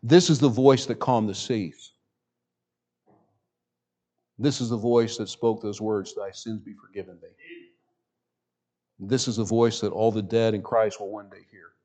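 A man preaching a sermon as pastor in a church, reading scripture slowly and swinging from loud emphasis to near-hushed speech. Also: on the low side, steady tone. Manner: reads scripture slowly and deliberately. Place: church sanctuary with a sound system.

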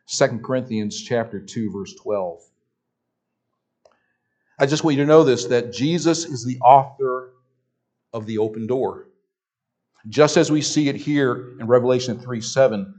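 Emphatic Southern pastor preaching. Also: male voice, mid-range voice, a little mellow. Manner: emphatic, repeats phrases, stumbles on restarts. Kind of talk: sermon.

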